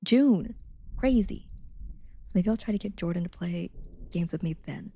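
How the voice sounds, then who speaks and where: A woman livestreaming, chatting casually with her viewers and reading a novel aloud, soft-spoken and slipping into whispers now and then. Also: lowish voice, animated, moderate pace, slightly rough. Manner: chatty with viewers, reads steadily.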